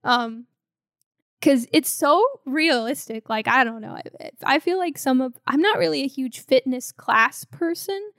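Woman, casual film chat, lively, acts out quotes, dry sound. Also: high voice, measured pace, no room sound. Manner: animated, laughs often, acts out quotes. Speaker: podcast co-host.

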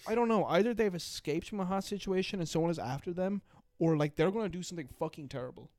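A young man in casual, profane conversation, telling stories and speculating with animated energy. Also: high-pitched, quick pace, no room sound, studio quality. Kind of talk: casual chat.

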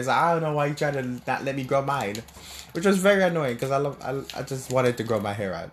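A man's voice: mid-range voice, fast, slight background noise. Young guy rambling casual story, lots of likes and restarts, regular mid voice. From Jamaica. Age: young adult. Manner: rambling, animated, with frequent restarts and fillers.

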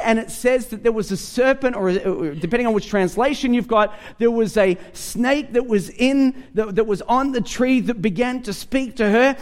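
A man preaching a sermon to a congregation, animated and humorous, often repeating words as he starts sentences. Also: high-pitched. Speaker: pastor.

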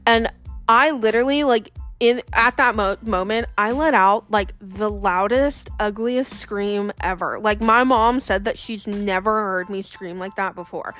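A young woman telling a personal story in a chatty, animated way, acting out the voices of the people she quotes. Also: medium pitch, measured pace, faint music behind. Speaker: vlogger. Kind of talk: casual storytelling.

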